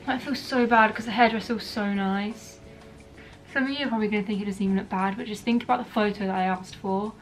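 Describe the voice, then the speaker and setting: A woman's voice: mid-range voice, fairly even intonation, quick pace, faint music behind. A young woman, chatting frankly to camera in a casual vlog. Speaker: beauty vlogger.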